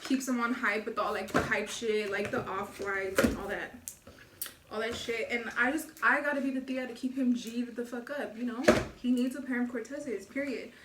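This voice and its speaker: A woman's voice: fairly high pitch, moderate pace, heavy background noise. Slangy young woman telling a story. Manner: slangy, profane, animated retelling with quoted dialogue. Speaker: vlogger. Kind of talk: casual storytime. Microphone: low-quality camera mic. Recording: echoey room, mic at a distance.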